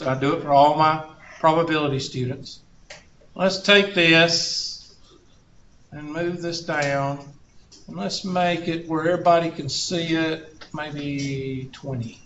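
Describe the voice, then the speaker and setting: A man's voice: a little high, bright, forceful tone, slight background noise. A man teaching a math class, drifting into joking stories and asides. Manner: folksy, joking asides and anecdotes. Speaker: math instructor. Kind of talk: classroom lecture. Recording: roomy, dull classroom recording.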